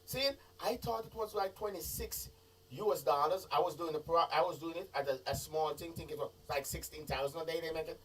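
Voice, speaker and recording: A Jamaican man speaks emphatically, lecturing in patois-tinged phrasing on a live stream. His voice sits high and sounds husky. He is picked up on a phone from some distance. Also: brisk. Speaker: live show host. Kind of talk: casual live-stream chat. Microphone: mobile phone.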